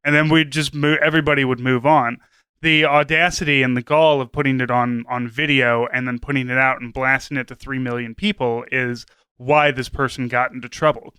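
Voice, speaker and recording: A man's voice: medium pitch, fairly even intonation, a little fast, bright, forceful tone, clean tone, dry recording. Man, podcast co-host, earnest, rambling, dry close mic. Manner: rambling, filler-heavy, earnest. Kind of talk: casual podcast chat.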